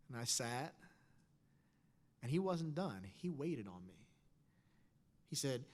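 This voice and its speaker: A man in his thirties telling a personal story on stage with wry, animated delivery, quoting others in changed voices. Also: medium pitch, takes it slowly, long pauses. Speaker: speaker. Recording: long hall reverb.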